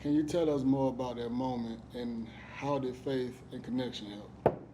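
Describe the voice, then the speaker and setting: A woman hosting an interview, relaxed and encouraging, with short affirmations. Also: a bass voice, normal speed. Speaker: interview host. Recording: noisy background hiss.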